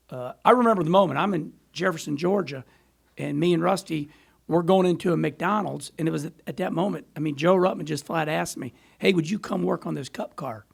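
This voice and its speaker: Middle-aged male guest, high gravelly voice, animated storyteller. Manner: animated, rambling storyteller who laughs often. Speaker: podcast guest, former racer. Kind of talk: storytelling in casual chat.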